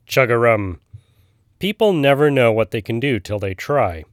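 A man voicing a gruff, knowing old male frog who tells a tale in a storybook reading. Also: medium pitch, lively intonation, normal speed, no room sound, studio quality, close to an everyday voice.

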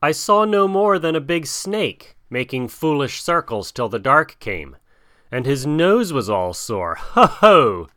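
A man voicing a seven-year-old jungle boy who talks in a quick, excited way. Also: fairly high pitch, no room sound, studio quality, voice pushed up, exaggerated voice. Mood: eager. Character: small boy raised in the jungle, eager.

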